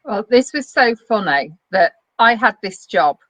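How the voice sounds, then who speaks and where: A middle-aged woman, hosting a casual chat and telling lively stories with frequent laughter. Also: medium pitch, a little slow, no echo, rough recording. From northern England. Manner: lively storyteller, laughs often. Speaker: web TV host.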